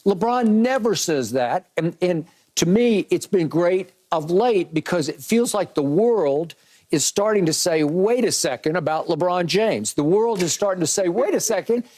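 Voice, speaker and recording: A man arguing a point in a sports debate, emphatic and argumentative. His voice sits notably high for a man. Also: animated, normal speed, a little mellow. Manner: emphatic, argumentative, mimics others in higher voice.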